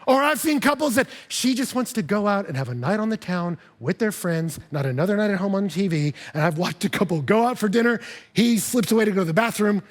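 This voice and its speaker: A man preaching a sermon as pastor, lively and humorous, acting out couples' voices. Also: high voice, a little fast.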